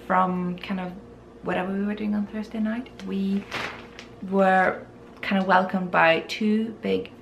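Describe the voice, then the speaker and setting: Gravelly woman, giggly. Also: medium pitch, level tone, unhurried, muffled recording, slight background noise. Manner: giggly, self-deprecating, stumbles over English words. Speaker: podcast guest. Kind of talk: casual chat, showing a yarn haul.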